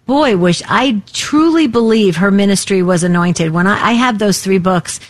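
A woman hosting a radio talk show, chatting warmly and effusively with many fillers and restarts. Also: mid-range voice, normal speed, dry recording.

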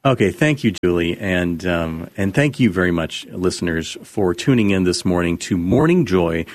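Low-voiced man hosting morning radio. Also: expressive, normal speed. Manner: friendly, rambling with self-corrections.

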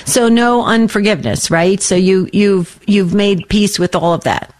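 A woman's voice: mid-range voice, measured pace, a little mellow. A woman hosting a call-in radio show, affirming and encouraging her callers.

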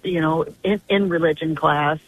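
A woman's voice: sits low, steady tone, normal speed, husky. An older woman calling in to a radio show, telling a long story in an earnest, rambling way. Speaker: caller. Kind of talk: phone-in radio call. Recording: tinny phone line.

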